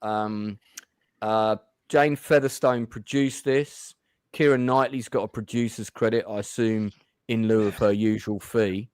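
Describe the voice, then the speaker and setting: A man's voice: fairly low pitch, fairly even intonation, unhurried, clean tone, no room sound, clean studio sound. A man hosting a casual review chat show, talking with many fillers and restarts.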